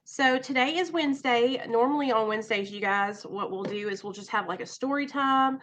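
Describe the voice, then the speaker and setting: A woman's voice: on the high side, fairly quick, a bit bright, slight background noise. A young woman, chatting casually and emotionally on a home live stream, nervous and rambling. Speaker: vlogger.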